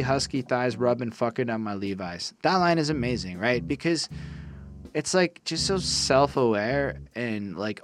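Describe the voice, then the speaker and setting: Swearing young man reviewing rap songs. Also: fairly low pitch. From Quebec. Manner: excitable, self-deprecating, swears freely. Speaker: music reviewer. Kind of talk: casual profane music review. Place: his room.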